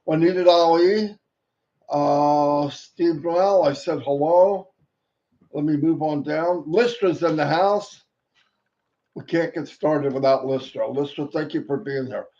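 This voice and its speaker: A man with a somewhat high, mellow voice welcomes viewers by name on a live stream, slow and unhurried. He drops playful sing-song call-outs and rhymes between names. The audio sounds dull and lo-fi. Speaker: host greeting viewers.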